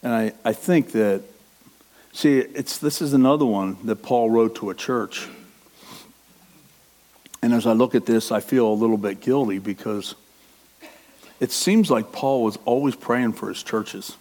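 Man preaching in a low-key, reflective way. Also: unhurried, long pauses, darkish tone. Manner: low-key, reflective, reading scripture aloud. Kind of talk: sermon.

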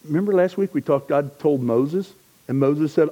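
A man preaching a sermon as pastor, conversational and joking, swinging between loud emphasis and hushed asides. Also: fairly high pitch, normal speed, highs cut off.

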